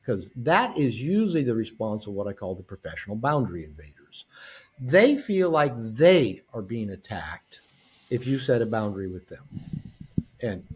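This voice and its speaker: A man speaking as a guest expert in an interview, animated and prone to restarting his sentences. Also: on the low side, breathy edge. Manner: animated, acts out quoted dialogue, frequent restarts. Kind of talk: conversational interview.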